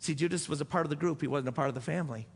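A man's voice: on the high side, rapid-fire, husky. A man preaching a sermon as pastor, earnest and repeating phrases for emphasis. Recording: echoey church hall.

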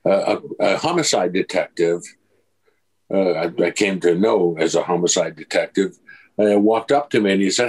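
A man's voice: low voice, normal speed, breathy edge, rough recording. An older man, an actor, telling anecdotes in an interview and acting out the dialogue with a chuckle. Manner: lively storyteller who acts out dialogue, chuckles. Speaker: actor guest.

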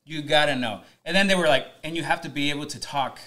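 Energetic young male podcast host, fast Spanglish delivery, slightly high voice. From Mexican-American, raised in the US. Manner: fast, energetic, mixes English and Spanish with swearing. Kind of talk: casual podcast chat.

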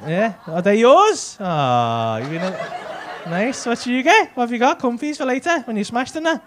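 A man's voice: very high-pitched, big pitch swings, normal speed. A man doing stand-up crowd work, teasing and swearing as he chats with people in the audience. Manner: teasing, laughing, sweary banter. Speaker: stand-up comedian. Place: comedy club stage. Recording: noisy live club recording.

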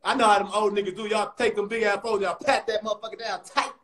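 Guy with a super high voice roasting somebody on a live stream, loud and mocking, nonstop insults. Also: flat delivery, quick pace, poor audio. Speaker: comedian host. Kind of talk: profane roast on a livestream.

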